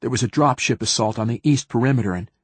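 A man's voice: medium pitch, quick pace, husky, no echo, natural voice. A man voicing a young male Marine lieutenant who stammers and hesitates under pressure. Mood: flustered.

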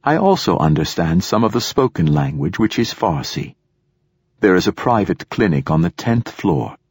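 A man voicing a calm, precise male android companion in an audiobook. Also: sits low, moderate pace, husky, dry recording, studio quality, heavily acted.

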